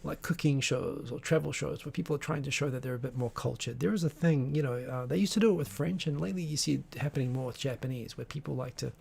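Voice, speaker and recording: Gravelly man rambling on a livestream. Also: medium pitch, fast talker, few pauses, darkish tone. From Tokyo-based. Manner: rambling, digressive, many restarts and fillers. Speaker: live-stream host. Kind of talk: casual live-stream chat.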